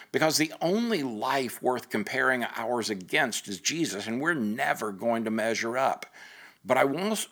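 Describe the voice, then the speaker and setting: A male pastor talking through a podcast sermon in a friendly, conversational way. His voice sits in a middle pitch, and he repeats words as he thinks aloud. He stays upbeat and encouraging throughout. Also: a bit bright.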